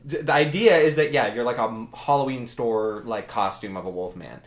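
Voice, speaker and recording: A man's voice: mid-range voice, fairly quick, roomy sound. A man narrating as dungeon master for a group, rambling and restarting his sentences, often laughing. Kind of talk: narrating a tabletop game.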